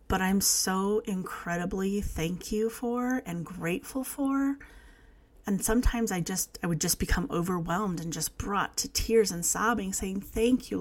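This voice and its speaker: A woman in her forties hosting a faith podcast, talking in an earnest, heartfelt and softly spoken way. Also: medium pitch. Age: 40s. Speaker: podcast host.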